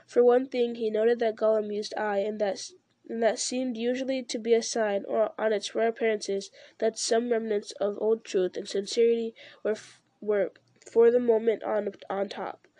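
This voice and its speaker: Woman reading a book aloud, higher voice, mellow and dry, little stumbles now and then. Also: normal speed, no room sound. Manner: steady, occasional slips and restarts. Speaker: reader.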